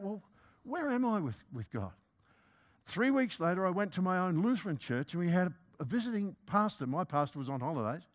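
A man, preaching a sermon as a humorous, self-mocking personal story. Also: high voice.

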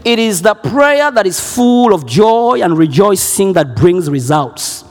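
Male preacher, unusually high voice, slow and emphatic, builds to shouted declarations. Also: very animated, in a large hall. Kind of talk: sermon.

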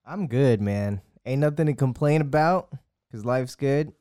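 A man's voice: mid-range voice, animated, a little slow, dark tone, dry recording, clean studio sound. A man co-hosting a podcast in casual chat, easygoing and a little hesitant, with frequent ums. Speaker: podcast co-host.

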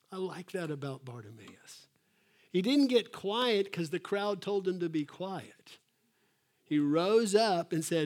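A man preaching a sermon as pastor, animated, acting out quotes in a raised voice and dropping to soft asides. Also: high-pitched, a little slow.

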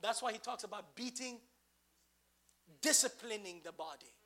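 A man's voice: high-pitched, moderate pace, pushed and bright. A man preaching a sermon, asking the congregation questions and building to emphatic bursts.

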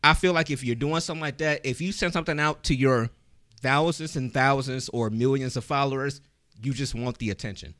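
A man from Cleveland leading a casual podcast chat, calm and reflective as he steers the conversation. His pitch sits mid-range, and the mic is dry and close. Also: brisk, no echo. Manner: steady, reflective, steering the topic. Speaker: podcast host.

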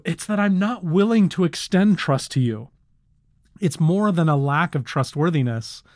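A man hosting a leadership podcast, talking in an animated way and acting out little quotes. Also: sits high, no echo, studio quality. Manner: animated, acts out quotes, laughs easily. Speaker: podcast host.

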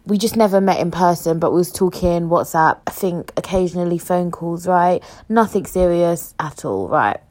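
A woman's voice: fairly low pitch, moderate pace, hardly any pauses, a little mellow. Woman, young adult, solo podcast host, casual rambling chat, self-mocking jokes. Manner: rambling, jokey, self-mocking, jumps between thoughts.

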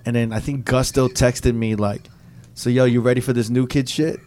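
A man's voice: mid-range voice, normal speed, background noise. Profane, storytelling man DJ. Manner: profane, animated storytelling with quoted voices. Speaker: DJ telling a story. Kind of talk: casual podcast chat.

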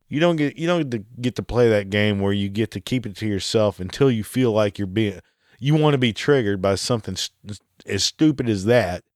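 A man's voice: mid-range voice, darkish tone, no echo, clean studio sound. A man hosting a solo podcast, ranting sarcastically and swearing often. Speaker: podcast host.

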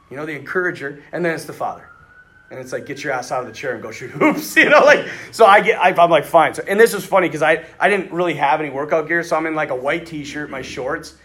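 A priest speaking to a group of men, telling lively stories with quoted dialogue and frequent laughter. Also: male voice, on the high side. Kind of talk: storytelling talk to a men's retreat.

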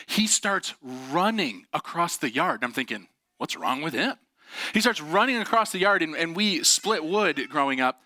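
A man giving a motivational talk, telling personal stories in an animated, earnest way and laughing often. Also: a little high, no echo, clean studio sound. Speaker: speaker.

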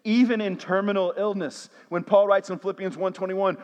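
A man's voice: sits high, steady tone, a little fast, few pauses. A man, a pastor preaching a sermon with call-and-response refrains. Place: church sanctuary. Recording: long hall reverb.

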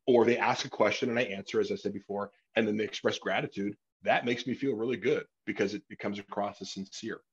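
A man with a husky, low-pitched voice talks loosely on a podcast, full of fillers and casual profanity. The audio is a bit dull and lo-fi. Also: steady tone, quick pace, few pauses. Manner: rambling, many fillers, profane. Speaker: podcast host.

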